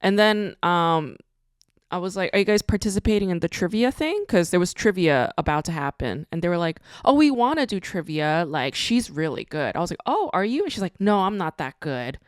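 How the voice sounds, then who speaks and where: Woman podcast host, casual rant, blunt, swears a lot, lowish voice, dry close sound. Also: very animated, brisk, no room sound. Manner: blunt, ranting, swears freely. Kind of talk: casual monologue.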